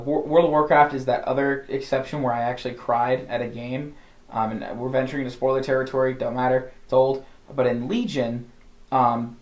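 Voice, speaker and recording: A man in casual podcast chat, full of eager restarts and fillers. His voice sits at a middling pitch. The room around him has a roomy echo. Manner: enthusiastic, rambling with many restarts and fillers. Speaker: podcast co-host.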